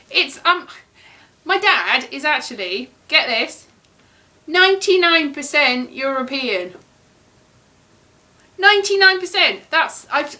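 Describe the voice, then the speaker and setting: A woman's voice: high-pitched, pushed and bright. A woman from Britain chatting casually to camera as a vlogger, rambling and playful. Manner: chatty, rambling, playful sing-song teasing.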